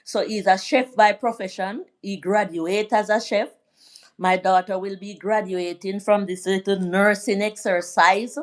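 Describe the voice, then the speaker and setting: A woman's voice: mid-range voice, fairly even intonation, a little slow. Chatty middle-aged woman from Jamaica. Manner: chatty, rambling, gives shout-outs to viewers. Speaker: vlog host. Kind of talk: casual live-stream chat.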